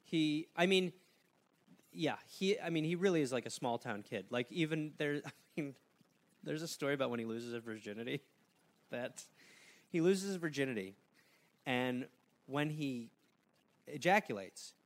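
A man's voice: medium pitch, expressive, normal speed, long pauses. A man co-hosting a comedy podcast, telling stories in casual chat and laughing often at his own jokes.

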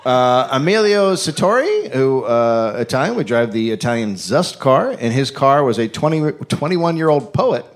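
A man hosting a live comedy podcast, reading a history story from notes with many pauses and fillers. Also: mid-range voice, very animated. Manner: reads notes with frequent uh and um. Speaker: podcast host. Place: live stage show.

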